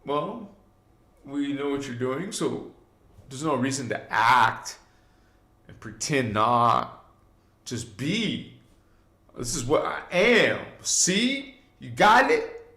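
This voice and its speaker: A livestream host leads a live spiritual talk in an echoey room, rambling loosely with many fillers and asides while preaching directly to viewers. His medium-pitched voice is bright and forceful, swinging widely in pitch, and he speaks slowly with long pauses.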